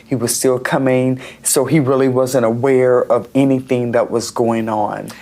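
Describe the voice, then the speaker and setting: A woman's voice: a bass voice, steady tone, moderate pace, warm tone. A woman, a pastor's wife, recounting in an interview her husband's long coma in a plain narrative way.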